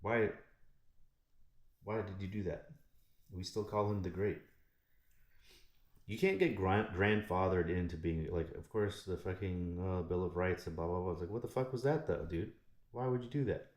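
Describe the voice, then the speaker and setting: Male host, deep voice, swears constantly, rambles through a story with lots of asides. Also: steady tone, normal speed. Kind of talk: casual profane storytelling. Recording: echoey room.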